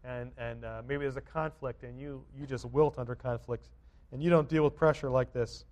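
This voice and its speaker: A man preaching a sermon, earnest and repetitive, moving between quiet reflection and loud, emphatic urging. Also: medium pitch, fairly even intonation, normal speed. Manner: earnest, repetitive exhortation with frequent restarts. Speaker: pastor.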